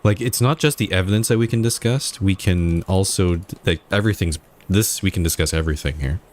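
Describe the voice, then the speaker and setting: Deep-voiced man musing through a game. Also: fairly quick, darkish tone. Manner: thinking aloud, musing. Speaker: gamer. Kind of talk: let's play commentary.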